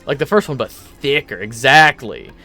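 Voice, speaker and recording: A man giving casual let's play commentary, rambling excitably and swearing casually. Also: mid-range voice, normal speed, faint music behind. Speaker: gaming YouTuber.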